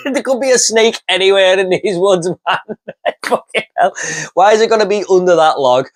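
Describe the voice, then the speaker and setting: A man's voice: high voice, animated, moderate pace. A man giving casual commentary on bad horror movie lines, laughing often and swearing as he mocks them. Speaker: movie reviewer.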